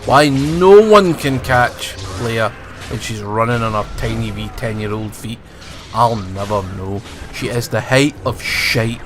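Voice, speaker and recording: A Scottish man rants through a review in a mid-pitched voice, sarcastic and profane, and he mocks the characters with quick put-on lines. Music plays steadily under his talk. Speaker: film and TV reviewer. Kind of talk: sweary ranting review.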